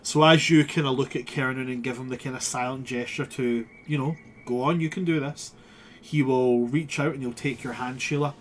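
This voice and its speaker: A man's voice: mid-range voice, fairly even intonation, a little fast, hardly any pauses, slight background noise. A man narrating as game master, thinking aloud casually.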